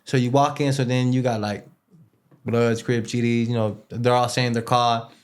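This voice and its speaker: Speaking at a moderate pace in a mid-range voice with little pitch movement, an interview guest casually recounts a prison story. His delivery rambles, leans on loose street slang with Spanish words, and is packed with fillers and repeated words.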